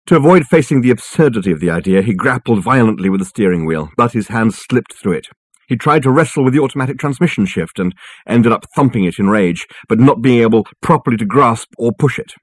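A man narrates an audiobook in a low, slightly husky voice. His reading is measured and dry in delivery. The recording is close and dead, with no room sound. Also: a little mellow, no echo.

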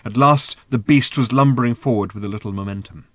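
Reading scripted audiobook narration, a medium-pitched man delivers the text with measured expression in a dry recording.

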